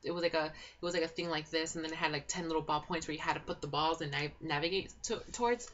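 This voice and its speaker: Young woman gushing and cursing thru a show recap, lowish voice, kinda muffled lo-fi sound. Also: fast talker, slight background noise. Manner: excitable, swears a lot, full of "like" and "oh my God". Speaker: reality show recap vlogger. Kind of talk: casual gossipy recap. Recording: dull lo-fi home recording.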